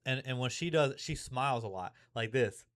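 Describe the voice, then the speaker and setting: A man's voice: medium pitch, lively intonation, normal speed, no echo, clean studio sound. A young man vlogging in a frank, rambling way, swearing often and restarting his sentences as he talks things through. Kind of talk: confessional vlog.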